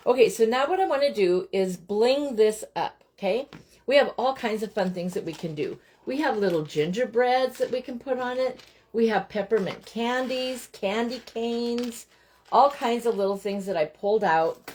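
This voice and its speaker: A woman's voice: a little high, normal speed, darkish tone, slight background noise. Chatty woman hosting a home craft stream. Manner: chatty, talks straight to viewers, breaks off to tell her children what to do. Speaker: host of a live crafting stream. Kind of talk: casual chat while crafting.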